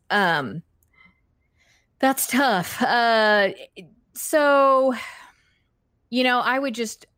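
Woman, casual livestream host, giggly, self-deprecating, lots of fillers, mid-pitched, dry close mic. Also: fairly bright tone, no echo. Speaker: livestream host answering chat questions. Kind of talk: casual live chat.

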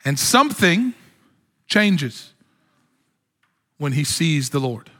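A man's voice: a little high, very animated, slow, pushed and bright. A man preaching a sermon as pastor, with impassioned delivery that climbs to exclamations. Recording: long hall reverb.

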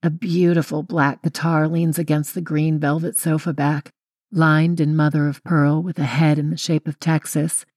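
A woman's voice: low-pitched, little pitch movement, moderate pace, a little mellow, no room sound, clean studio sound. A young woman reading a first-person audiobook in a wry, confiding way. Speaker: audiobook narrator.

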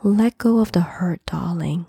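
A woman voicing the ghost of a loving mother, murmuring in a soft, breathy whisper in an audio story. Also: medium pitch, steady tone, slow pace, no echo, clean studio sound. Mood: tender.

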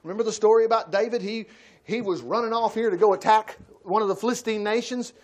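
A man teaching a Bible study sermon in a folksy way, acting out quotes with sudden loud outbursts. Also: high voice, fast. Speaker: preacher.

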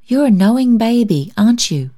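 A woman's voice: fairly high pitch, animated, moderate pace, dark tone, voice pushed up. A woman reading a storybook, voicing a stubborn, lonely spinster who speaks in a stiff, proper way. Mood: softened. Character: stubborn lonely spinster softening toward a baby.

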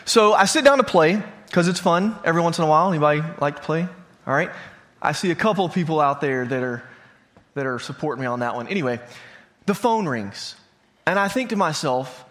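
A man's voice: a little high, expressive, fast, a bit bright. A man in his thirties, a pastor, preaching to a congregation in a conversational way, telling a personal story and asking the audience questions. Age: 30s. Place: church hall before a congregation.

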